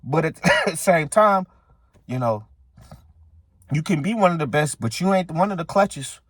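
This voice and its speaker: A man's voice: fairly high pitch, animated, measured pace, a bit bright, breathy edge, no room sound, studio quality. A man hosting a sports channel, ranting casually and heatedly at his viewers, repeating his points. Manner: heated, repetitive, talks straight to viewers. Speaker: sports commentary channel host. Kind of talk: casual sports opinion rant.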